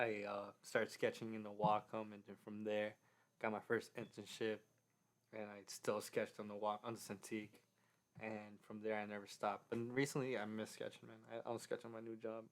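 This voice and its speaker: A man's voice: on the low side, little pitch movement, moderate pace. A young man co-hosting a casual design podcast, talking in loose stories full of fillers and restarts. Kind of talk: casual chat.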